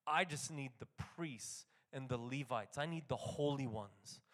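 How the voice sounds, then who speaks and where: Reading from scripture and then talking it through casually, a male preacher swings from quiet passages to loud, energetic proclaiming. His pitch is medium and his pace measured.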